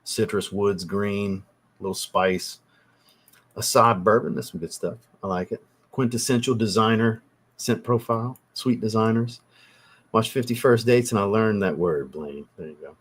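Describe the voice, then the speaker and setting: A man hosts a casual livestream, reading viewer messages aloud and answering them off the cuff. His voice is low and husky, and his delivery is teasing, blunt and peppered with casual swearing. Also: moderate pace.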